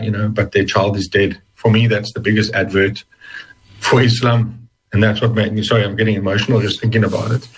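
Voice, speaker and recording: Brief: male interview guest, deep husky voice, halting earnest testimony. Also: flat delivery, poor audio. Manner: hesitant, many restarts, earnest. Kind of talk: personal testimony in conversation.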